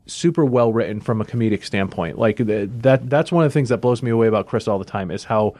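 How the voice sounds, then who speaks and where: A man's voice: fairly low pitch, fast talker, a little mellow, no room sound. Male co-host, thoughtful comic talk, dry close recording. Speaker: comic book podcast co-host. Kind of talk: casual chat.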